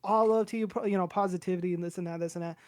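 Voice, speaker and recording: A man's voice: high voice, fairly even intonation, racing, a little mellow, dry recording, clean studio sound. Young man telling a rambling story. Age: young adult. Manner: rambling, profane, acts out quoted voices. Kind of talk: casual storytelling.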